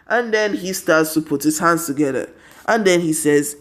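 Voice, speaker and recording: A man's voice: fairly high pitch, steady tone, moderate pace. A tired young man casually narrating a fan story, rambling with constant 'and then' and 'he's like'.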